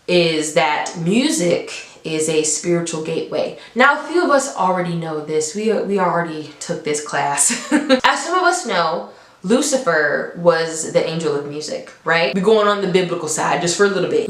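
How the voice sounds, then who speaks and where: A young adult woman reviewing a film in a casual, animated storytelling way, often laughing between points. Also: fairly low pitch. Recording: echoey room.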